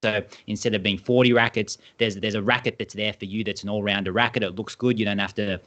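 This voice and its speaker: Australian male co-founder, lowish voice, enthusiastic and wordy on a video call. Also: steady tone, fast talker, a bit bright. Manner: enthusiastic, rambling explanations. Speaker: badminton brand co-founder. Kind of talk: casual interview talk.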